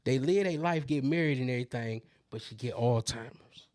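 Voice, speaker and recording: A man's voice: medium pitch, fairly quick, no echo. A man tells a story on a casual podcast and jumps into raised voices to act out what people said. His voice sounds dry and close, with little room around it. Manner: animated storyteller, acts out quotes in a raised voice. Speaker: podcast co-host. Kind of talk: casual chat.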